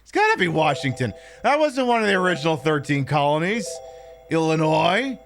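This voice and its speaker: Male streamer, bright high voice, profane jokey banter over faint music. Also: very animated, fairly quick, gravelly. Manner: profane, joking, rambling asides. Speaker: game streamer. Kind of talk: casual game commentary.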